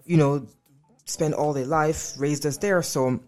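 A woman with a French accent speaks earnestly and reflectively in a casual chat. Her voice is low. Faint music plays behind her. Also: steady tone, unhurried, darkish tone. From France.

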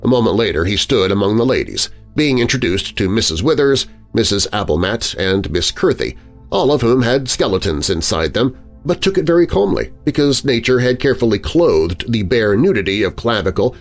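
Expressive male storyteller. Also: on the low side, normal speed, faint music behind. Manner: expressive, lingering on vivid words. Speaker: narrator. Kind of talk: dramatic audiobook narration.

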